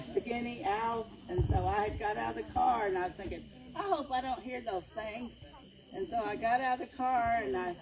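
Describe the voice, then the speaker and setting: A woman telling a story to an outdoor audience in a rambling, animated way, acting out hollers. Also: a little high, low-quality recording. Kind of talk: casual spoken storytelling to an audience. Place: outdoor evening gathering. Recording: outdoor event with crowd noise. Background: audience chatter and crickets.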